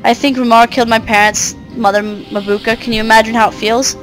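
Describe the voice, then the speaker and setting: A woman's voice: a little high, little pitch movement, fairly quick, faint music behind, lightly acted, low-quality recording. Woman reading as a brave little girl. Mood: earnest. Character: brave eleven-year-old human girl. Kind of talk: reading game dialogue aloud.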